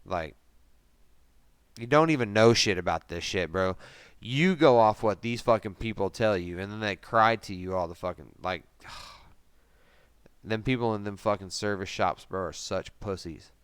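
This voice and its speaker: Man, 30s, podcast host, casual storytelling, profane and rambling, somewhat low voice, smooth tone. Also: unhurried, a bit bright, no echo. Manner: profane, rambling, heavy swearing and fillers.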